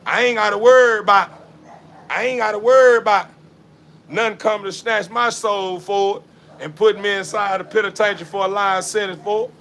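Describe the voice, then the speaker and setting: A man's voice: sits high, fairly even intonation, fairly quick, vocal fry, a bit bright. A man talking casually while bathing his dog in a yard, laughing often and repeating himself in a preachy street-talk way. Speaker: dog breeder. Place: outdoors in a yard.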